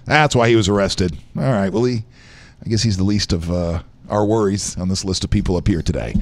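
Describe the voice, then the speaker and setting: A show host with a deep voice talks briskly on a live-streamed show, chatting loosely and joking with viewers.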